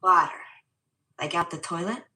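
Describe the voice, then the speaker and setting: Incredulous plain-spoken adult; bright voice, roomy clip audio. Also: female voice, lowish voice, normal speed. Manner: incredulous questioning.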